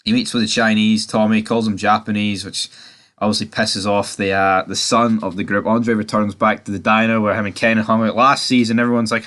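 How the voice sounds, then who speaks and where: Sweary, animated man ranting. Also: fairly quick. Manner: animated, sweary ranting with sudden jumps in pitch. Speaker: TV review host. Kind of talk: casual spoken TV recap.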